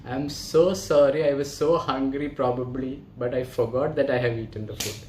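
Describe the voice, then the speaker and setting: A man voicing a forgetful male scientist who talks high, loud and hurried, in a roomy space. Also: lively intonation, slight background noise, close to an everyday voice. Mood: apologetic. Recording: roomy echo.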